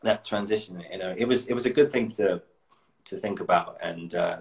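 Deep-voiced man chatting. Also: fairly quick, vocal fry, darkish tone, rough recording. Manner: chatty, laughs often, restarts sentences. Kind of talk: casual chat.

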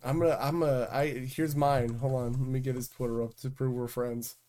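A man's voice: mid-range voice, fairly even intonation, fairly quick, warm tone. A man co-hosting a podcast in casual chat, teasing and swearing freely. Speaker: podcast co-host.

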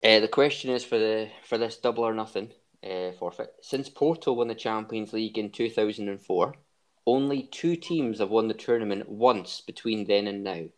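Male podcast host, teasing, laughs a lot, lowish voice. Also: moderate pace. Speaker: podcast host running a quiz. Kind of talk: casual banter.

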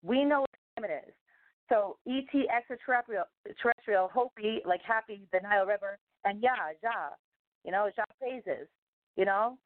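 This woman, a guest on a talk show, talks at a moderate pace in a mid-range voice, rambling emphatically with lots of fillers. It's a casual conversation heard over tinny, dry phone-line audio.

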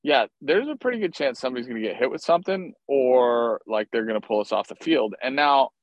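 A man telling a lively story from his playing days, swearing freely and acting out what people said. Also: medium pitch, fairly quick, no room sound, low-quality recording. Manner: animated, profane, acts out quotes. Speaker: former baseball player, guest. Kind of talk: casual storytelling interview.

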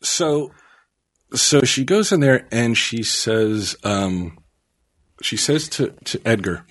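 A man co-hosting a podcast, telling a story in casual chat with animated delivery, swearing and acting out quotes. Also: mid-range voice, slow pace. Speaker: podcast co-host.

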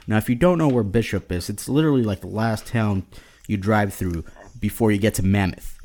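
A man's voice: on the low side, brisk, a little mellow. A man in his thirties co-hosting a casual podcast, rambling with many restarts and fillers. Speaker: podcast co-host. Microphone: podcast mic at home.

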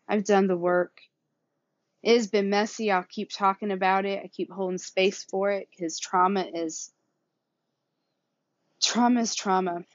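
A woman's voice: mid-range voice, no echo, lo-fi sound. A woman with a Southern accent hosting her own podcast, talking in a casual, rambling way with frequent laughs and the odd curse word. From Kansas City area, USA. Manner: chatty and rambling, laughing often, cursing. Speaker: podcast host. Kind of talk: casual solo podcast talk.

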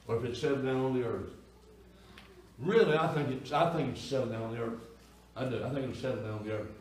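A man, a pastor preaching a folksy sermon in a church that swells into loud cries. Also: fairly high pitch. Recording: echoey church room from far off.

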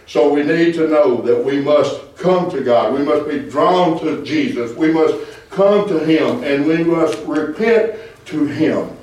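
High-voiced preacher in an echoey church. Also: male voice, a little slow. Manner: preaching with call-and-response, rising to shouts. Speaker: pastor. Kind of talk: fervent sermon. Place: church sanctuary. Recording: echoey church hall from far off.

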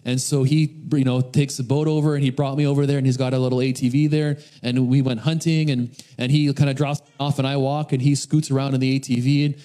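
A man's voice: mid-range voice, little pitch movement, fast talker, few pauses, warm tone. A man preaching a sermon, telling a personal story in a casual, storytelling way with frequent restarts. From North America. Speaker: pastor.

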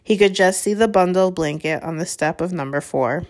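A woman narrating a chapter of a storybook in a measured, steady way. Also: on the low side. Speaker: audiobook reader.

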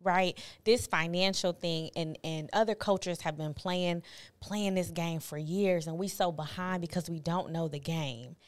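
Low-voiced animated woman co-host. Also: unhurried. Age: 40s. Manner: animated storyteller, colloquial, candid. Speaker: podcast co-host. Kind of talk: casual chat.

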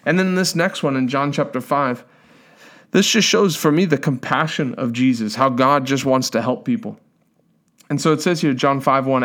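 A male preacher delivering a sermon in an animated storytelling manner. He slips into quoted voices and reads scripture passages aloud. His voice sits at an ordinary, middle pitch. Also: normal speed.

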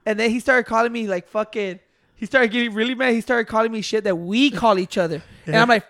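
A man's voice: sits high, quick pace, a bit bright. A man in a casual chat, telling boastful, profane stories with Spanish slang.

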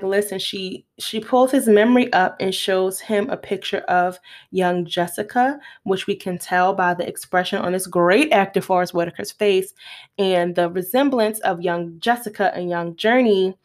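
A woman hosting her own podcast, chatting casually through a film recap, acting out the characters' lines and laughing often. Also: mid-range voice. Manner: animated retelling with acted-out quotes; laughs often while talking. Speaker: podcast host.

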